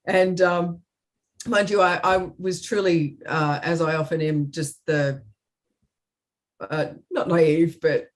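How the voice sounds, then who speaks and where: A woman's voice: fairly low pitch, fairly even intonation, slow. A woman co-hosting a comedy chat over a video call, telling a story in an earnest, hesitant way with many ums. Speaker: comedy show co-host.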